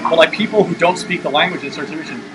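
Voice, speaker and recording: A man hosting a live stream talks frankly with his guest and drops casual swearing into his points. His voice sits a touch high for a man. Constant background noise runs under his voice. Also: very fast. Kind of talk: casual chat.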